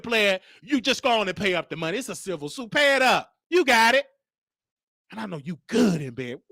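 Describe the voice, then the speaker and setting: A man hosting a celebrity gossip show, talking in a campy, teasing way and jumping up into a high falsetto. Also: pushed and bright, dry recording, clean studio sound. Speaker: show host.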